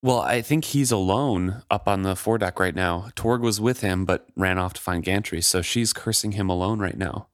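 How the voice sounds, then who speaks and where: A man co-hosting a book podcast, reading passages aloud and chatting about them in a measured way. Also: low-pitched, no room sound, studio quality.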